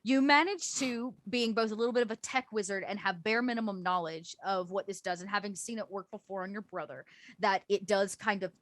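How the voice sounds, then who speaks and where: A woman's voice: mid-range voice, a little fast, fairly bright tone, no echo. A woman running a tabletop game as game master, explaining rules and scenes casually with lots of fillers.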